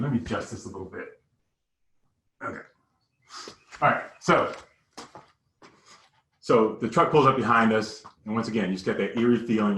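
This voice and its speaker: A man recounting a personal story in an emotional, halting way, often repeating words. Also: on the low side, a bit bright, roomy sound.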